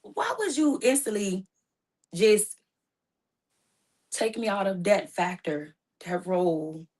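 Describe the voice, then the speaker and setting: A woman recounting a painful personal story in casual, informal speech, her voice rising high and loud when distressed. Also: lively intonation, takes it slowly. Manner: speaks casually with informal phrasing. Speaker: guest telling her story.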